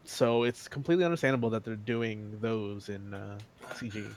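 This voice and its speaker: Male podcast co-host, steady mid voice, measured explainer. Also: lowish voice, a little hiss or hum. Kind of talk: casual chat.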